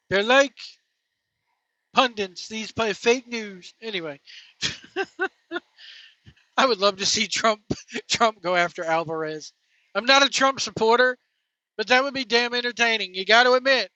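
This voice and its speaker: Blunt scornful wrestling ranter, bright-toned. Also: mid-range voice, dry recording, highs cut off. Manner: blunt, scornful, name-calling. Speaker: wrestling commentary host. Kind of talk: opinionated rant.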